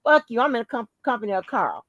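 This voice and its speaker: Speaking quickly in a voice on the high side, a woman hosts a podcast and tells a story through casual, curse-heavy chat with plenty of emphasis. Dry and dry-sounding, the recording has its highs cut off. Her style is emphatic, profane and animated.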